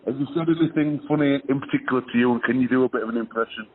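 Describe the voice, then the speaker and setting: A man's voice: mid-range voice, rapid-fire, phone-quality sound, a little hiss or hum. A man hosting a sports radio show, asking questions in casual, friendly banter. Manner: relaxed, friendly, calls people mate.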